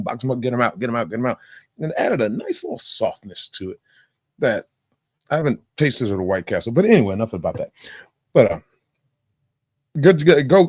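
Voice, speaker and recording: A deep-voiced man giving loose, profane commentary, wandering between stories with filler noises and laughs. The sound is dry and close, with no room echo. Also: a little mellow, husky. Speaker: reaction streamer. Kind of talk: casual commentary.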